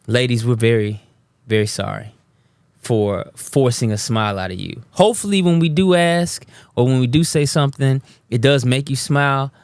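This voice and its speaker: Man, casual host, animated, jumps up into a high voice for quotes, lively talk, dry close sound. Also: dry recording. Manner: animated, laughing, acts out quoted lines in a high voice. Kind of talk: casual chat.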